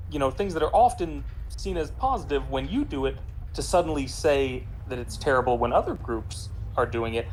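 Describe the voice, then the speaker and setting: A man's voice: mid-range voice, slight background noise, rough recording. A man chatting casually while playing a game, rambling with many fillers and restarts. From United States. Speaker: co-player in a game stream. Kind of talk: casual chat while gaming.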